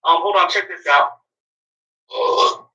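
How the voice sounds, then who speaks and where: A man rants fast and profanely in a commentary video, his voice very bright and sharp. It sits high for a man. He is a little off the mic. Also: far from the mic, lo-fi sound. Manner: fast, profane, heated ranting. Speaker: commentary YouTuber. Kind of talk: ranting commentary.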